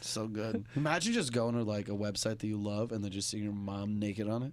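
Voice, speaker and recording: A man co-hosting a casual chat, jumping in with quick, lively reactions. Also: on the low side. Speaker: podcast co-host.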